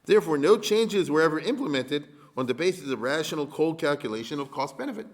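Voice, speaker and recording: A man's voice: fairly high pitch, expressive, quick pace. A man, a rabbi, giving a conversational history lecture, often checking in with his listeners and dropping wry humorous asides. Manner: chatty, keeps checking in with the audience.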